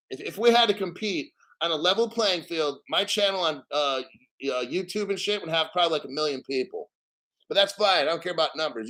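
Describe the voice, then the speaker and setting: A man's voice: on the high side, a bit bright, low-quality recording. A man hosting a crypto channel, reading an article aloud with boastful, profane commentary, laughing and getting emotional. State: emotional, near tears.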